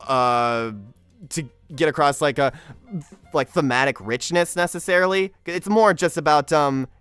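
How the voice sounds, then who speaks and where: A man's voice: fairly high pitch, unhurried, a bit bright, smooth, soft background music. A man hosting a casual group chat online, rambling with many fillers and restarts. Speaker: podcast host.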